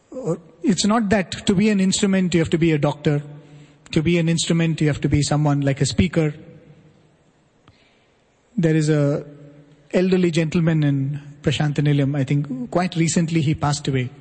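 A man telling an earnest devotional story to an audience, often checking in with a quick "right?". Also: a little high, darkish tone, breathy edge. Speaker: spiritual speaker. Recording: long hall reverb.

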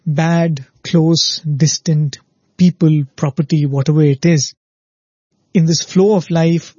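A man's voice: on the high side, warm tone, breathy edge, no echo, highs cut off. A man giving an earnest spiritual discourse on a show, telling parables and often asking "right?". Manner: earnest, repetitive "right?" checks, storytelling.

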